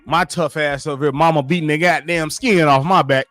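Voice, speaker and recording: A man rants to his live chat about football, profane and animated, and he keeps repeating his points. His voice sits a little high and is heard dry and close to the mic. Faint music plays under him. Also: fairly quick, dry recording. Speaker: sports commentary streamer. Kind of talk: casual sports rant to live chat.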